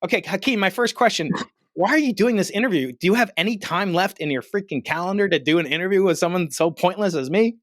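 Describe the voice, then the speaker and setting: A middle-aged man hosting a podcast interview, energetic and teasing, laughing easily. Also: high voice, fast talker, no room sound, clean studio sound. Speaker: podcast host. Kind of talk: conversational interview.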